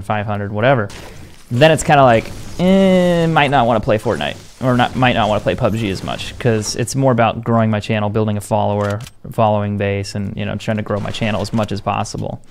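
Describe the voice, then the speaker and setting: A man's voice: on the low side, fairly even intonation, brisk, slight background noise. A young man streaming a game, talking casually to his viewers in a blunt, defensive, profane way. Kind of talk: casual live-stream chat.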